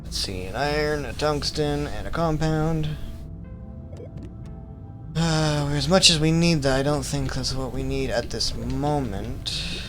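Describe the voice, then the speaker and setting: Over music, a man with a slightly high voice streams a game at a slow pace, thinking aloud as casual commentary. He rambles and corrects himself while putting on an accent and teasingly calling his viewers his vamplings.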